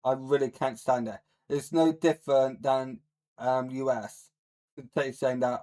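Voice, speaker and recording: A man's voice: medium pitch, moderate pace, warm tone. A man on a live stream, ranting at his chat in a profane, mocking, hostile way. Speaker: livestreamer.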